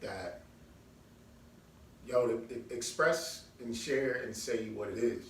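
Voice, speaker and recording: A man with a mid-pitched voice talks earnestly and reflectively as a podcast host, often restarting his sentences. He sounds set back from the mic in an echoey room, with a faint hum behind him. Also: slow, distant mic. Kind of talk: casual podcast chat.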